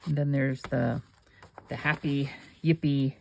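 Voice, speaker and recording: Chatty woman with a gravelly fry. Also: rumbling low, steady tone, slow, dark tone, a little hiss or hum. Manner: chatty, rambling asides while working. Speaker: crafting channel host. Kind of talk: casual crafting demonstration, thinking aloud.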